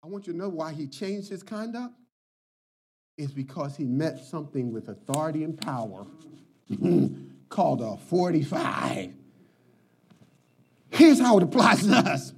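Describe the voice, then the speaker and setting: A man's voice: a little high, big pitch swings, moderate pace, a little mellow, slight background noise. A man preaching a sermon, telling stories and stressing his points by repeating words, and chuckling as he tells them. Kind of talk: sermon with storytelling.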